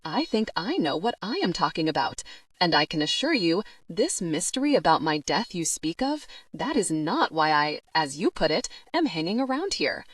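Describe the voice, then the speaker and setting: A woman reading a formal, gentle young male ghost. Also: fairly low pitch, big pitch swings, moderate pace, no room sound. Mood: tender. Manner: formal, reassuring, no contractions.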